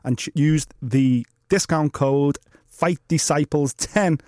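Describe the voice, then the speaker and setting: A man's voice: fairly high pitch, slow pace, warm tone, no echo, clean studio sound. Scouse podcast co-host man. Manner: jokey, plugging a sponsor. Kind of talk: casual banter.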